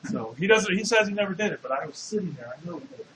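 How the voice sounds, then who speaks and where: A man's voice: high-pitched, animated, very fast, fairly bright tone, slight background noise. A man giving a classroom lecture, explaining step by step and putting questions to the class. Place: lecture hall. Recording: echoey lecture hall.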